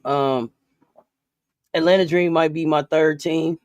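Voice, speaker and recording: A man's voice: a little high, steady tone, takes it slowly, no echo. A man hosting a casual sports talk stream, playful and repetitive, laughing often. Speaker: podcast host.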